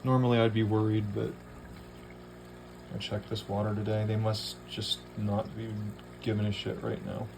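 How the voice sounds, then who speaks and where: A man's voice: fairly low pitch, little pitch movement, moderate pace, vocal fry, background noise. Rambling man chatting to his fish. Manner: rambling, talks to his fish, swears casually. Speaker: home aquarium keeper. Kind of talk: casual vlog chat.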